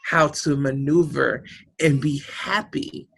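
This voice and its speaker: A woman's voice: sits low, steady tone, slow pace, gravelly, a bit bright, slightly rough. A woman guest in a heartfelt interview, speaking emphatically and passionately, with a preacher-like, rousing manner and salty language. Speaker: guest, community organization director.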